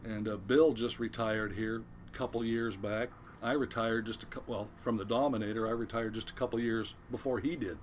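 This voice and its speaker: A man's voice: lowish voice, a little fast, a little hiss or hum. An older man, a retired commercial fisherman, telling a sea story as a podcast guest, acting out the voices of the people in it. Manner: animated yarn-spinning, acts out quoted voices. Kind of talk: casual storytelling.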